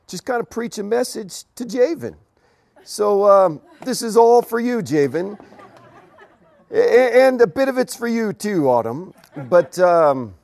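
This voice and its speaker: A man's voice: sits high, darkish tone, no room sound. A man who is a pastor, giving an informal sermon to an engaged couple. He halts and restarts often, then builds to emphatic rhetorical questions.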